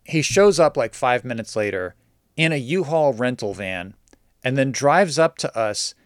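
A man's voice: mid-range voice, a little slow, no echo, clean studio sound. A man telling a story casually and with energy, acting out the lines of the people in it. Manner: animated, acts out quoted dialogue.

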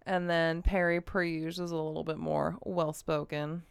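A woman's voice: low voice, little pitch movement, moderate pace, vocal fry, hardly any pauses, clear, resonant tone, no echo, clean studio sound. A young woman co-hosting a casual true-crime podcast, recapping the story bluntly and swearing freely. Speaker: podcast co-host.

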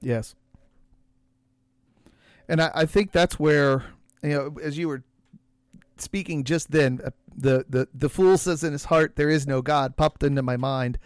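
A man with a slightly raised voice hosts a podcast talk, measured and thoughtful, pausing and restarting as he goes. The sound is dry and close, with no room around it. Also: a little high, fairly even intonation, clear, resonant tone, no echo. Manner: measured, reads scripture aloud, halting restarts. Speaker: podcast host. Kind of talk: casual religious discussion.

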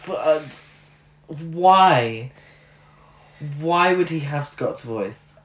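A man's voice: on the high side, expressive, drawn-out words, fairly bright tone. A man co-hosting a casual film review, ranting in an exasperated way with plenty of fillers. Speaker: podcast co-host. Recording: roomy echo.

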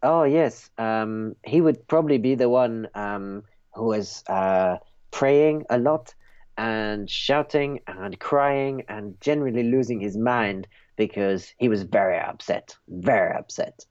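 A man's voice: on the low side, slow, a little mellow, clean tone, dry recording, dull audio. A man voicing a flustered male steward with a French accent, hesitant and stammering. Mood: nervous. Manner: hesitant, stammering, easily rattled.

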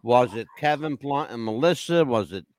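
A man co-hosting a casual roundtable chat, joking around and laughing loudly. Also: medium pitch, moderate pace, no room sound. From United States. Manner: animated, joking, loud laughs. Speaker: co-host.

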